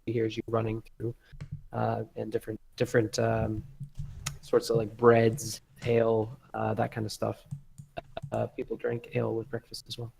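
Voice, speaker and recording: A man's voice: on the low side, completely flat delivery, moderate pace, vocal fry, a little mellow, poor audio. A man narrating as game master of a tabletop game, rambling and leaning heavily on filler words.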